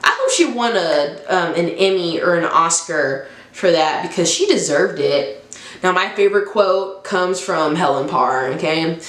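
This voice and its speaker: Young woman rambling happily about stuff she loves, lowish voice, lots of laughs, echoey room. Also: expressive, measured pace, fairly bright tone. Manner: chatty and enthusiastic, laughs often. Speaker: vlogger. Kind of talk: casual chat vlog. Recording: roomy echo.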